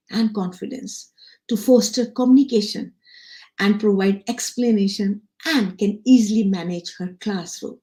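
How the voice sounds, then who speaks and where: Speaking to teachers in a live online session, a guest education trainer from India delivers her talk earnestly and says her key lines more than once. She has a mellow, mid-range voice.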